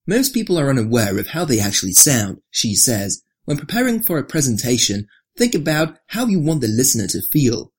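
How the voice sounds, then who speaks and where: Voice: sing-song, a little fast, hardly any pauses, husky. A narrator reading an article aloud in a scripted style, dropping the voice on each attribution. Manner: reads with marked rises and drops, lower for attributions.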